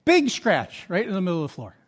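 A man delivering a sermon as pastor, with a fairly high voice for a man. He tells stories animatedly, acting out quotes, and grows soft and low for confessional moments. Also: a little fast, slightly rough. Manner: animated storytelling with acted quotes and asides.

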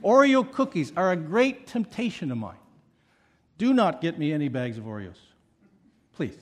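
A man's voice: on the high side, very animated, moderate pace. A middle-aged male pastor preaching a sermon with emphatic repetition and playful asides.

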